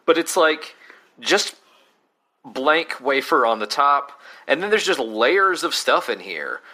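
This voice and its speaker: A man's voice: medium pitch, very animated, slow pace, sharp tone. A man co-hosting a casual snack-tasting chat, dry and wry as he picks the snack apart. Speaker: podcast co-host.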